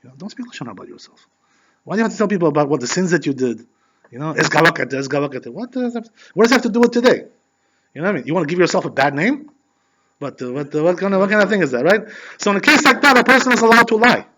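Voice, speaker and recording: A man giving a conversational Torah class as a rabbi, animated and filling his talk with "you know". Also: high voice, very fast. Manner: peppers speech with "you know". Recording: dull lo-fi recording.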